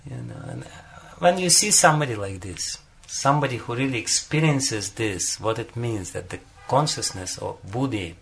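A man's voice: medium pitch, animated, normal speed, gravelly, hardly any pauses, fairly bright tone, a little hiss or hum. A man giving a devotional talk as a spiritual teacher, telling a story and often chuckling between phrases, with frequent "you know" fillers.

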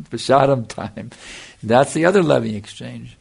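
A man's voice: medium pitch, a little slow, vocal fry, slightly rough. An older man giving a devotional lecture as a spiritual teacher, earnest and repeating himself for emphasis, answering a listener's question.

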